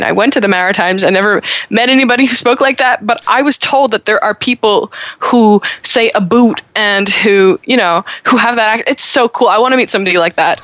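A woman's voice: fairly high pitch, fairly bright tone, no echo. A young woman from Montreal, a singer-songwriter guest, chatting upbeat and talkative with frequent restarts. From Montreal, Canada. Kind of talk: casual interview chat. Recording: dull lo-fi audio.

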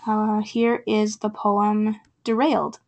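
A woman hosting her own podcast, talking earnestly with many fillers, her voice raspy from being sick. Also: mid-range voice, little pitch movement, slow pace, darkish tone. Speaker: podcast host. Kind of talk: casual podcast talk and poetry reading.

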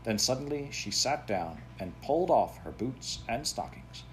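A man narrating a children's classic aloud in a steady, plain storytelling manner. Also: medium pitch, moderate pace, slight background noise. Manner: steady, plain storytelling with a few self-corrections. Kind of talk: audiobook reading of a children's classic.

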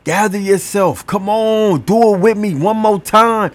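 A man hosting a podcast, giving a slow, encouraging motivational talk and leading a breathing exercise, repeating his words. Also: sits high, slight background noise. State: gasping for air at times. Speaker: podcast host.

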